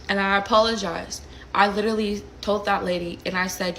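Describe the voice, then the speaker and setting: Young woman, storytime monologue, animated and slangy, faint background noise. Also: mid-range voice, brisk, low-quality recording.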